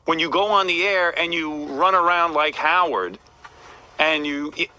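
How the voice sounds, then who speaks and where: A man's voice: fairly high pitch, unhurried, pushed and bright, clear, resonant tone, low-quality recording. A man hosting a radio show, lecturing a staff member in a blunt, repetitive way.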